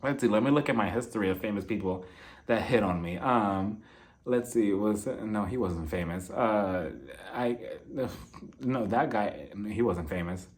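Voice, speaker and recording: A man's voice: on the low side, a little slow. A young man casually recapping a reality TV episode, chatty, laughing often and acting out what people said. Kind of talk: casual solo commentary.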